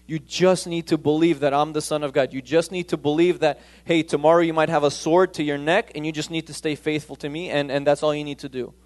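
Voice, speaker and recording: A man preaching a sermon voicing Jesus as a patient man who urges faith again and again in calm, insistent repetition. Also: fairly high pitch, brisk, few pauses, lightly acted. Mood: earnest.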